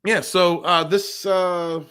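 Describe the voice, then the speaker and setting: A man's voice: sits high, fairly even intonation, takes it slowly, a bit bright, clear, resonant tone. A man hosting a casual livestream podcast, chatting nonstop, rambling and greeting viewers in the chat by name.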